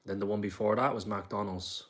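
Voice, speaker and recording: His voice sits on the low side, fairly bright and steady, at a normal speed. He's a young man from Ireland with a Dublin accent, rambling through a live stream, reading viewers' comments aloud and chatting back.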